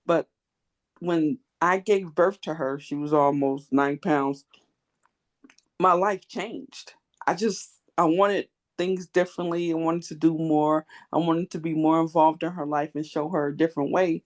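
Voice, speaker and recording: A woman's voice: deep voice, fairly even intonation, measured pace. A woman in her forties, joining an online group talk over a video call and candidly sharing a personal turning point. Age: 40s. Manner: earnest, candid. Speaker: participant.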